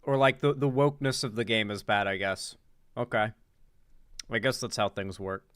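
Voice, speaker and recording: A man's voice: on the low side, fairly even intonation, normal speed, fairly bright tone, clean tone, no room sound, studio quality. Rambling man streaming commentary. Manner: rambling, heavy "like" fillers, swears freely. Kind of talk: casual live-stream commentary.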